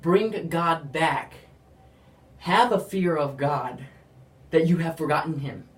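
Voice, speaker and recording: Someone shares a casual faith testimony in a mid-range voice, speaking slowly. The telling rambles, is packed with "like," and acts out quotes with animated flair. The audio sounds roomy, as if the speaker sits far from the mic.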